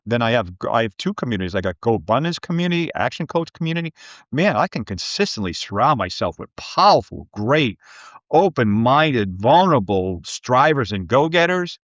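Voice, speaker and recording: A man's voice: mid-range voice, normal speed, no room sound, lo-fi sound. A man, a business coach, telling stories in a podcast interview and acting out the people he quotes. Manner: lively storyteller who acts out quoted people.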